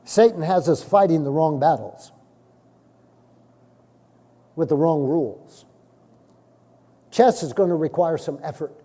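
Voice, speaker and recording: A middle-aged male pastor preaching a sermon, telling stories and acting out the dialogue, with sudden loud bursts. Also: on the high side, unhurried, pauses often. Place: church sanctuary. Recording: long hall reverb from a church.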